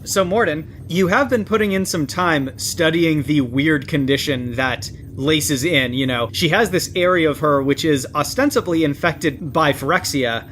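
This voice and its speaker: A man narrating a tabletop game as game master in a relaxed, descriptive way. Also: fairly high pitch, normal speed, hardly any pauses, a little hiss or hum.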